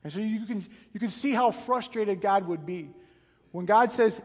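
A high-voiced man at a moderate pace preaches a sermon, telling the story dramatically and repeating words often. The recording has long reverb and a dull lo-fi sound.

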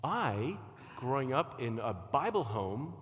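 Animated male preacher in a reverberant hall. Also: mid-range voice, slow pace. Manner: animated, sweeping from loud emphasis to quiet asides. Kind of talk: sermon.

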